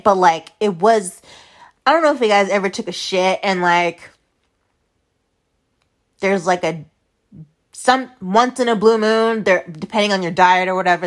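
A woman hosting a podcast, telling a story in casual, blunt and profane talk full of fillers. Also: medium pitch. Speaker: podcast host.

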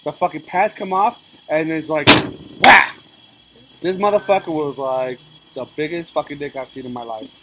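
A man as a podcast guest, telling a crude, animated story in casual chat. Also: a little high, a little fast, noisy background.

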